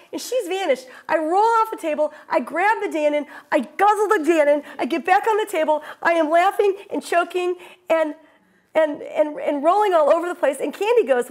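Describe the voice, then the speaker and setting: A woman's voice: high-pitched, moderate pace, darkish tone. A woman performing a wry, breathless theatrical monologue from a solo stage show.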